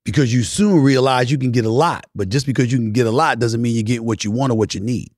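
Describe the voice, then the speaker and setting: A man hosting a podcast in a casual monologue, emphatic, swinging between loud preaching and low murmurs, now and then singing bits of old soul songs. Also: quick pace, dry recording, clean studio sound. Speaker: podcast host.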